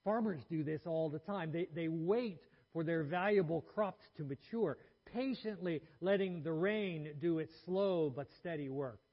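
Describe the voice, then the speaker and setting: A man preaches a sermon with a slightly husky, somewhat raised voice. He talks in a measured, earnest way, and his phrases fall away softly at the ends. The recording sounds a little dull and lo-fi. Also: on the high side. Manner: measured, earnest preaching with trailing soft phrase endings and small restarts.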